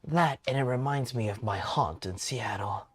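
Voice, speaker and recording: A man voicing a gruff, friendly old male traveler in a video game, speaking low and unhurried. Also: lightly acted. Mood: mellow friendly.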